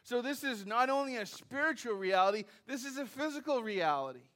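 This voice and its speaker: High-voiced man preaching conversationally. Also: lively intonation, fairly quick, pushed and bright. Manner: conversational preaching with asides and self-deprecating humor; repeats phrases and restarts while building points. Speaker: pastor. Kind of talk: sermon.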